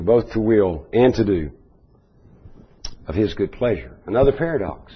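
A man preaching a Bible teaching sermon, explaining verses in a measured way with restarts and asides. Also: on the low side, animated, breathy edge, dull audio.

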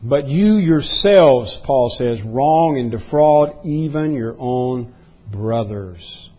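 A man preaching an expository sermon as pastor, emphatic, often clearing his throat and repeating words. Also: medium pitch, lively intonation, takes it slowly, muffled recording. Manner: emphatic preaching that rises into voiced outbursts.

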